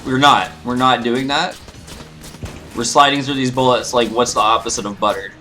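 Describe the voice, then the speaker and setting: A man's voice: medium pitch, steady tone, normal speed, pushed and bright, soft background music. A man giving casual, rambling, joking commentary as he plays a video game. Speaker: let's play host.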